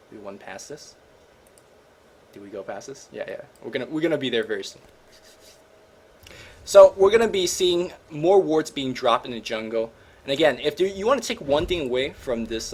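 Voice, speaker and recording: A man hosting a gaming show, commentating replays in an energetic, joking, slangy way. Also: medium pitch, a little hiss or hum. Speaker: host and caster.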